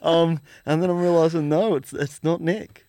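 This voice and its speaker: A man's voice: on the high side, steady tone, moderate pace, background noise. A man hosting a podcast, chatting casually and agreeing often with his guest. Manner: easygoing, agreeable interjections. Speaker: podcast host. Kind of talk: casual chat.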